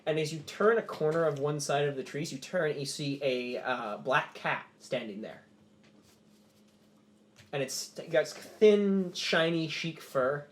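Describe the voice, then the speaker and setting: A man's voice: on the high side, expressive, a little slow. A man narrating as game master in a loose, rambling way with many fillers.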